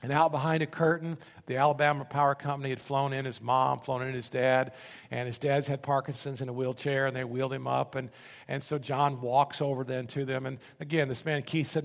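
A man preaching a sermon, telling a story with animated, emphatic repetition. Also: medium pitch, a little fast, creaky, big-room sound. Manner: animated, emphatic, repeats words.

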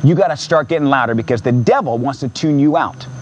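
A man pastor preaching an impassioned sermon in a church, repeating phrases and rising to near-shouts. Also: medium pitch, quick pace, dull audio, crowd noise.

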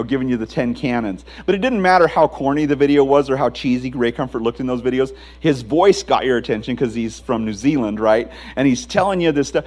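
A middle-aged male pastor preaching a sermon in a conversational, emphatic way, with a low hum behind him. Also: darkish tone, low-quality recording.

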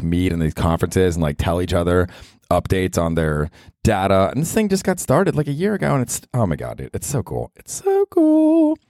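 A man's voice: low-pitched, darkish tone, no room sound, studio quality. A man in his forties hosting a podcast, chatting casually in a profane, rambling way and laughing often. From US South. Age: 40s. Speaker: podcast host. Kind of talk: casual solo podcast chat.

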